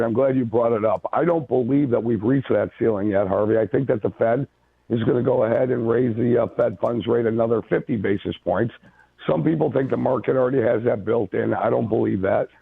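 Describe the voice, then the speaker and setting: Brief: male caller-in, opinionated, very husky voice on a tinny line. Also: medium pitch, fairly quick, dry recording. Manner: confident, opinionated. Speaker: guest mortgage analyst. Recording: gravelly tinny phone line.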